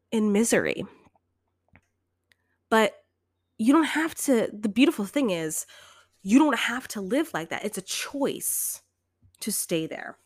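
A woman's voice: medium pitch, no room sound, clean studio sound. A young woman hosting a casual self-help podcast, chatty and emphatic, acting out the inner voices she talks about. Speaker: podcast host.

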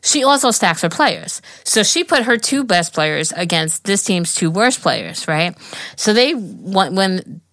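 A woman's voice: fairly low pitch, measured pace, dry recording, studio quality. A woman in her forties co-hosting a podcast, telling a story with lots of swearing and acted-out quotes. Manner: animated storytelling, swears freely, acts out quotes. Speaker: podcast co-host. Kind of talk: casual chat, telling a story.

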